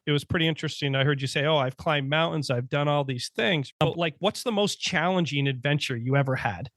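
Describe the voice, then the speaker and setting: A man hosting a podcast interview, cheering his guest on with quick, encouraging remarks. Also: fairly high pitch, no echo. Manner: warmly encouraging, quick affirmations. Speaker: podcast host. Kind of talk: casual interview.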